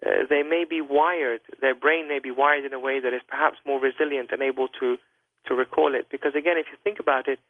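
A man, a guest doctor on a call-in radio show, explaining in a measured, hedging way with many fillers. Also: medium pitch, steady tone, no room sound. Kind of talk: careful explanatory talk over a phone line. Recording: tinny dry phone line.

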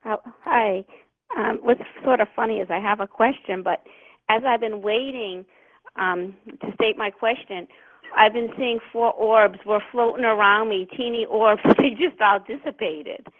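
A woman's voice: fairly high pitch, measured pace. Chatty woman calling in by phone. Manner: chatty, hesitant with frequent ums. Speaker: radio caller. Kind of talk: casual phone-in chat. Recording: tinny phone line.

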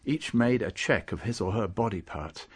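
A man narrating an audiobook, reading in a measured, expressive storytelling manner. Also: fairly low pitch, breathy edge. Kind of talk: scripted narration.

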